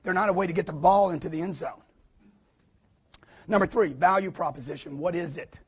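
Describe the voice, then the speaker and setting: A man giving a live motivational sales talk to an audience, emphatic and preachy, with punchy repetition and quick acted-out quotes. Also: high voice, slightly rough. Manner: acts out quotes in put-on voices.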